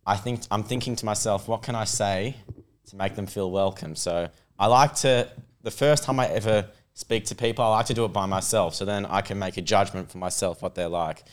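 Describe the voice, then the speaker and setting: A young Australian man telling a story on a podcast, animated and laughing as he goes. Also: fairly low pitch, brisk, hardly any pauses. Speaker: podcast guest. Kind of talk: casual storytelling.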